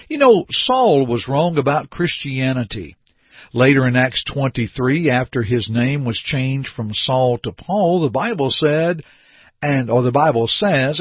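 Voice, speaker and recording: A man's voice: mid-range voice, measured pace, slightly rough, dry recording, lo-fi sound. A man preaching an earnest radio sermon, acting out short everyday scenes to make his point. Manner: earnest, animated preaching with acted-out little scenes.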